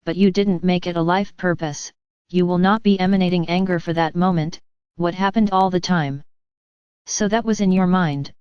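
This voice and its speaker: A woman giving a spiritual address to her listeners, speaking as a channeled messenger in a calm, measured, gently instructive way. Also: fairly low pitch, smooth, no echo, lo-fi sound.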